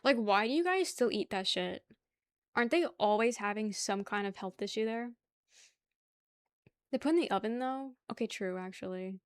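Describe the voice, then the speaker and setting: A woman's voice: mid-range voice, animated, normal speed, long pauses, clear, resonant tone, no room sound, studio quality. A young woman hosting a casual livestream, chatting loosely with her viewers, swearing and laughing often. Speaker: livestream host. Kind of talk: casual chat with chat.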